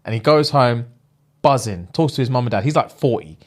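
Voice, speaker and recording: A man's voice: medium pitch, fairly quick. A podcast host, telling stories in casual chat and acting out the people he quotes. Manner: animated storytelling, acts out quotes, laughs often.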